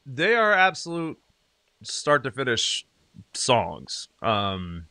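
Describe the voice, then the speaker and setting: A middle-aged man from South Carolina with a light Southern accent, talking as a podcast guest in his home studio, chatty and animated with frequent restarts. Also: mid-range voice, takes it slowly, no room sound. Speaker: guest, singer-songwriter and radio DJ. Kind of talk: casual interview chat.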